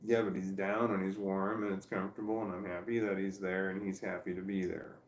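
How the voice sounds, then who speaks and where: Sitting on his couch at home with his dog, a tired vlogger rambles, talks to himself, and argues with himself, laughing and sighing along the way. His low voice has little pitch movement and a fairly quick pace, with a roomy sound.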